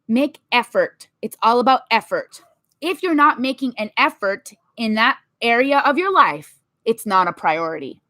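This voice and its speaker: A woman in her thirties giving emphatic, animated motivational talk to her viewers, acting out little quotes as she goes. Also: a little high, moderate pace, no room sound. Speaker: vlogger.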